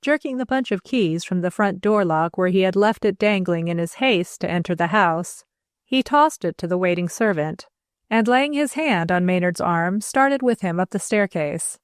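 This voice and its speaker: A woman narrating an audiobook in a steady, measured reading. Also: lowish voice, smooth, no echo, clean studio sound. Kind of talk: scripted narration.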